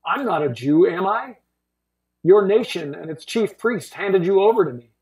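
Reader as a stern Roman governor, church Passion reading, deliberate questioning, distant mic in a roomy hall. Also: medium pitch, expressive, darkish tone, close to an everyday voice. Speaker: scripture reader. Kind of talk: dramatic scripture reading.

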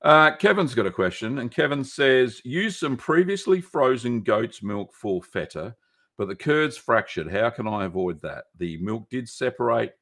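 A man's voice: fairly low pitch, a bit bright. An Australian man hosting a live stream, answering viewer questions in a rambling, easygoing way with many fillers. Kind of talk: casual live-stream chat.

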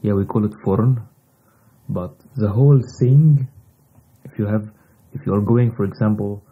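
A man with an Egyptian Arabic accent, a native Arabic speaker teaching vocabulary in simple English, repeating each word slowly. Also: lowish voice, slightly rough, phone-quality sound. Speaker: language teacher. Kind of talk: casual vocabulary lesson.

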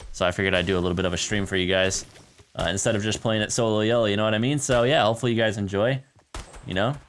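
A man's voice: fairly low pitch, steady tone, very fast, slight background noise. A young man casually commentating a live game stream, chatty and laid-back, with a tired early-morning voice. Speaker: gaming streamer.

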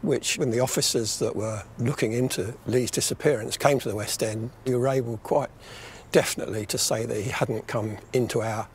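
A man, a former police officer, recounting what he was told in an interview, deliberate and clear. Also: medium pitch, steady tone, a little hiss or hum.

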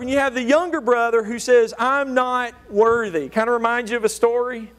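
A man's voice: steady tone, a little fast, hardly any pauses, a bit bright. A man preaching a sermon who slips into whiny, self-righteous voices for the people he describes. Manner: acts out whiny self-righteous voices, rising high when mimicking.

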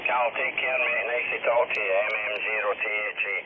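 A relaxed man with a Scottish accent calls in over ham radio. His low voice is buried in thick static and squeezed into a thin, phone-like band. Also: brisk. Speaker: radio caller. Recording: tinny radio with loud noise.

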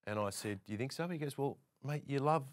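Here the Australian presenter, appearing as a guest, talks at a quick pace in a mid-range voice. He spins casual anecdotes with energy, acting out what others said.

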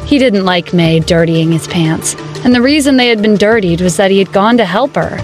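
Woman narrating a story, even tone. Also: mid-range voice, normal speed, music in the background. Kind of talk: scripted narration.

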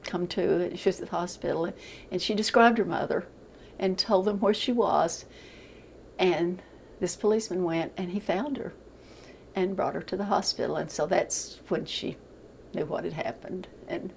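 An older woman giving a halting, emotional account in a news interview, often repeating words as she goes. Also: fairly low pitch, gravelly, a little hiss or hum, low-quality recording.

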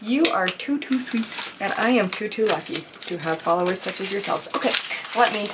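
A woman's voice: medium pitch, expressive, brisk, noisy background. A young woman chatting casually to camera as she opens viewer mail, gushing and exclaiming as she restarts her sentences. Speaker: craft YouTuber opening viewer mail. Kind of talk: casual unboxing chat to camera.

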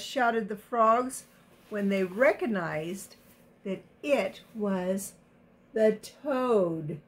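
A woman reading a picture book aloud to children, gently stopping to explain words and ask questions. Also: mid-range voice, lively intonation, extremely slow. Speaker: storybook reader.

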